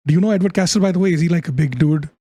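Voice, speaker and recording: A man's voice: fairly high pitch, very fast, mellow, no room sound. A man, a player in a tabletop game, talking in character in a frustrated, stumbling way, swearing a lot. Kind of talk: in-character tabletop role-play.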